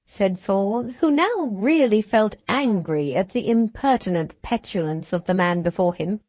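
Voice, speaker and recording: A woman reads a classic novel aloud in a slow, deliberate way, her voice rising and falling with lively expression. It is a bit higher than usual. The sound is dry and close to the mic. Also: no room sound. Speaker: audiobook narrator. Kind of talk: scripted narration of a classic novel.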